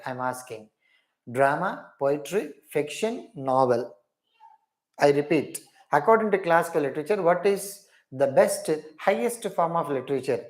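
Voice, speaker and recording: A man's voice: fairly high pitch, a little mellow. A man teaching English literature in a live online class, repeating each question and praising every student's answer.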